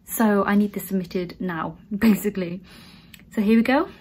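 A woman's voice: mid-range voice, normal speed, a little mellow, slight background noise, rough recording. A woman in her thirties, a student nurse, chatting casually to her viewers and talking them through things step by step. She sounds earnest and encouraging. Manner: chatty, addresses viewers as guys. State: tearful, emotional. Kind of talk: casual vlog.

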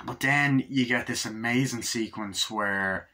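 A man casually reviewing a movie, swearing freely and rambling as he retells scenes with quick quoted lines. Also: medium pitch, pushed and bright, slight background noise. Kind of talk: casual spoken film review.

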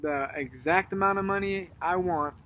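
A man's voice: high-pitched, normal speed. Rambling young man telling a story. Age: young adult. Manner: rambling storyteller, animated when retelling. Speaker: guest. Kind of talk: casual chat. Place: outdoors at dusk.

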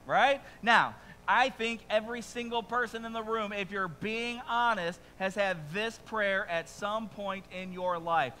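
A man preaching a sermon as pastor, conversational and animated, with quick asides and rising emphasis, speaking to a congregation in a church. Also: high-pitched, rough recording. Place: church sanctuary before a congregation.

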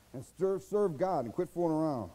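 A man's voice: fairly high pitch, expressive, normal speed, warm tone, poor audio. A man with an American accent preaching a sermon as pastor, folksy and exhorting, asking rhetorical questions and mimicking his listeners' excuses.

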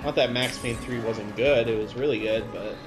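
A man's voice: medium pitch, steady tone, a little fast. A man playing a video game and commenting casually, exasperated and swearing often, with game music behind him. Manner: exasperated, swears a lot, yelps in frustration. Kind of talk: casual let's-play commentary.

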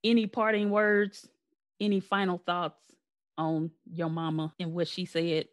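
A woman's voice: fairly low pitch, little pitch movement, a little slow. A woman hosting her own podcast, chatting casually with her brother and laughing often. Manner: laughs often, warm sign-off patter. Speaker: podcast host. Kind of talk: casual chat.

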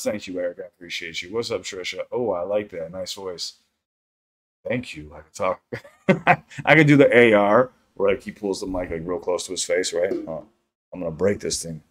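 A man casually chatting on a livestream while high, swearing a lot and reading chat aloud. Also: normal speed, fairly bright tone. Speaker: live streamer.

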